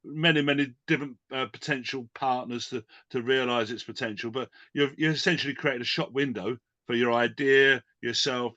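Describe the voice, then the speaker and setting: An enthusiastic male host guiding an event panel, his voice bright and fairly high. He speaks in a halting way, full of fillers.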